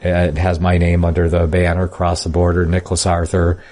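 Low-voiced male Bible teacher; reads scripture, then comments in a folksy, plainspoken way. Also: monotone, a little fast, mellow. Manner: reads scripture in King James style then comments casually. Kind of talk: Bible study reading and commentary.

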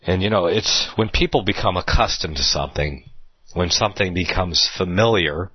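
Deep husky man teaching the Bible. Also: normal speed, no room sound, muffled recording. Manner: rambling, with many fillers and restarts. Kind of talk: unscripted Bible study talk.

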